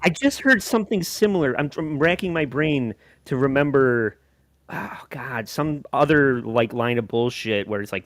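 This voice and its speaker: A man's voice: medium pitch, animated, moderate pace, dry recording. A man co-hosting a podcast in casual chat, joking and laughing with short interjections.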